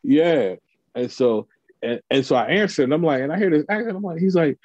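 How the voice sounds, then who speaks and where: A man's voice: on the high side, expressive, brisk, darkish tone, dry recording, lo-fi sound. A man, a comedian and TV writer, telling a story in casual chat and acting out the quotes of the people in it.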